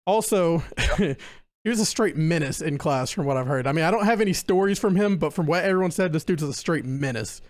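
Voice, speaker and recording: A young man hosts a relaxed podcast chat with a fairly high voice. He reads from his notes, breaking into laughs and fumbling unfamiliar names. The sound is dry, with no room around it. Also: brisk, dry recording. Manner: laughs often and stumbles over names while reading notes. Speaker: podcast host presenting a case.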